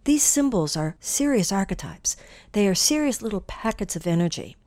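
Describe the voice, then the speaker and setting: A woman's voice: mid-range voice, moderate pace. Earnest woman giving an inspirational talk. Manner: earnest, animated storytelling. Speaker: spiritual teacher.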